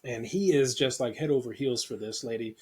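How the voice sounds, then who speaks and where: A man's voice: mid-range voice, a little fast, darkish tone, husky. A man co-hosting a casual movie discussion podcast, joking and rambling with frequent laughs. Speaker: podcast co-host.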